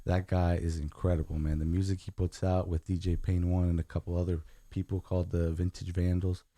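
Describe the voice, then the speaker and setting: A man's voice: sits low, level tone, a little fast, warm tone, no echo. A young man raised in Guatemala and the United States, a podcast guest talking earnestly in casual chat and often saying "man".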